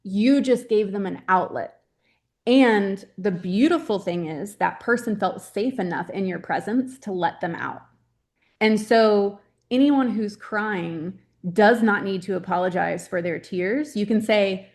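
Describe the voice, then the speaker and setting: A woman's voice: medium pitch, measured pace. Earnest chatty woman guest. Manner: earnest, chatty, many "right?" tags. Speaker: grief specialist guest. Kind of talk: casual interview talk.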